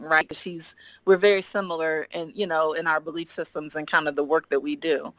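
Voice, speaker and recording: A woman guest on a podcast telling a story in animated chat, often acting out what she and others said. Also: low-pitched, brisk, hardly any pauses, no room sound. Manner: lively, quotes herself and others in acted voices, frequent "like".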